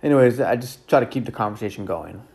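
A real estate agent telling stories about his job in a casual, rambling way, full of fillers and repeated words, relaxed and candid with some mild cursing. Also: fairly low pitch, fast talker, vocal fry. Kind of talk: casual storytelling.

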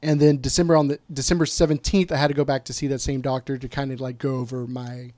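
A man guest telling a personal story in casual conversation, candid and quick to swear, often quoting what others said. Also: medium pitch, flat delivery, a little mellow.

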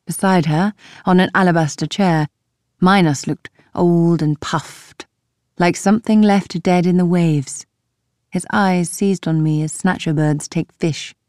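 A woman narrating a first-person audiobook in a measured, calm, literary manner. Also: fairly low pitch, no room sound, clean studio sound.

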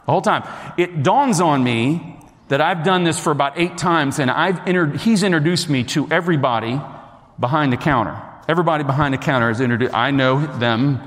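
A man's voice: a little high, brisk, fairly bright tone. Chatty man telling a story in a hall. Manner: chatty, addresses the listeners directly, acts out quotes. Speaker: speaker telling a personal story. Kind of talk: storytelling talk to an audience. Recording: long hall reverb.

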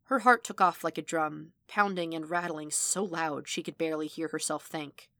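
A woman reading fan fiction aloud as audiobook narration, steady and measured. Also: low voice. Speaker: podfic reader.

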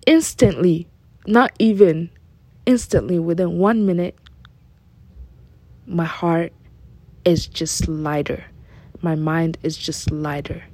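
A woman's voice: fairly low pitch, slow, long pauses, dark tone, dry recording. A woman hosting a personal devotional talk, speaking earnestly and candidly and repeating phrases for emphasis. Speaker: faith podcast host.

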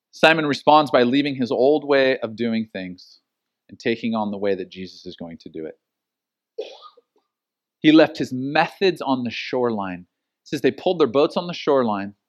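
A middle-aged man preaching a sermon as pastor, telling stories and acting out the quotes with lively energy. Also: mid-range voice, moderate pace. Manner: animated storytelling with acted-out quotes.

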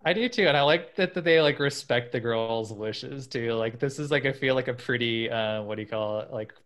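A man's voice: medium pitch, fairly quick, a bit bright. A man hosting a casual chat show, reading listener stories aloud with lots of fillers and laughter. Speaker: podcast host.

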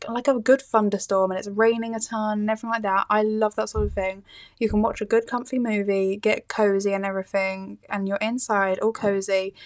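A young British woman talking casually on her own podcast. She gushes and rambles, with lots of "um"s and "like"s, and her voice sits at an everyday middle pitch. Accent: British English. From United Kingdom. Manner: chatty, gushing, many fillers and little laughs. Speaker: podcast host. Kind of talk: casual solo chat.

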